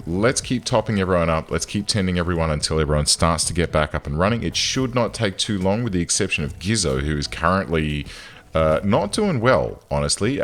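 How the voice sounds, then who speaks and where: Low-voiced man narrating his gameplay. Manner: chatty, swings into loud exasperated outbursts. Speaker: gaming channel host. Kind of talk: casual gameplay commentary.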